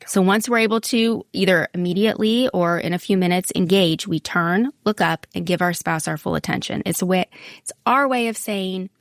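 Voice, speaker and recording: Steady woman co-hosting a podcast. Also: lowish voice, normal speed, hardly any pauses, no room sound, clean studio sound. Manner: steady, explanatory, steers the talk. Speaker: podcast co-host. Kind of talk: casual chat.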